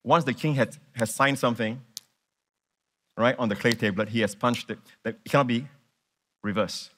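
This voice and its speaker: A man preaches to his congregation in a bright, ringing voice at an ordinary middle pitch. He is animated and emphatic, doubling back on words and asking his listeners questions. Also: moderate pace, slight background noise. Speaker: pastor. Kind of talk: sermon.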